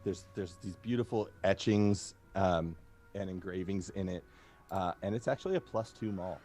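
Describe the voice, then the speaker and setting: A man narrating as game master of a tabletop game, halting and hesitant, with fillers. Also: sits low, dark tone, faint music behind.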